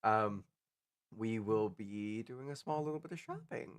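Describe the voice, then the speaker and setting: A man's voice: on the low side, unhurried, smooth. Laid-back man running a tabletop game. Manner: laid-back, rambling with fillers. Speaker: game master. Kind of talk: casual tabletop game session.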